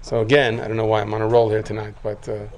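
A man giving a sermon full of stories, acting out voices and rising to loud bursts. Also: lowish voice, fast talker, a little hiss or hum. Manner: lively storyteller who acts out quotes, rising to loud outbursts. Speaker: rabbi giving a talk.

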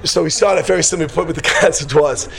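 A man's voice: fairly high pitch, creaky. A man teaching a group in an informal religious talk. He jokes and wanders off topic, then rises to an emphatic preaching tone. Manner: joking, digressive, quick to laugh. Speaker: teacher leading a class.

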